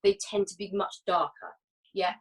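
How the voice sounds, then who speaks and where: A woman's voice: mid-range voice, moderate pace, recorded from a distance, poor audio. A British woman coaching singers through a masterclass, chatty and often checking in with "yeah?" and "okay?". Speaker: vocal coach. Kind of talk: singing masterclass teaching.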